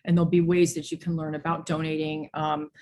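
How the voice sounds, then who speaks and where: A woman pastor with a low voice leads an online service over a video call. She speaks earnestly, moving between preaching and thanking people by name. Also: flat delivery, a little fast, dark tone, a little hiss or hum.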